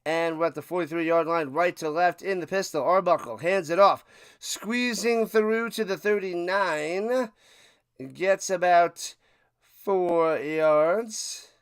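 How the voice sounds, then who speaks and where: A man streaming a live football watch party, giving casual play-by-play commentary and bursting into loud calls. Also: high-pitched, slow, clean tone, dry recording.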